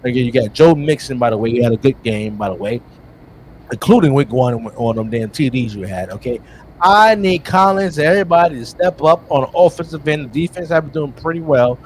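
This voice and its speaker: A man co-hosting a casual sports podcast, talking in an animated, teasing way and calling out players directly. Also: medium pitch, a little fast, a little hiss or hum. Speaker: co-host.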